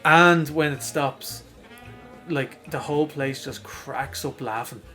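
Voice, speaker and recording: A young man with a Dublin accent telling a rambling, animated story in casual podcast chat, swearing freely and acting out other people's lines. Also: medium pitch, takes it slowly, faint music behind. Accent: Irish, Dublin. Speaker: podcast co-host.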